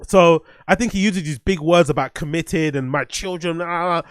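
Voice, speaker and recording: A man's voice: fairly high pitch, normal speed, clear, resonant tone, no echo, clean studio sound. A man giving casual, profane livestream commentary as the host, blunt and rambling. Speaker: streamer host reviewing music.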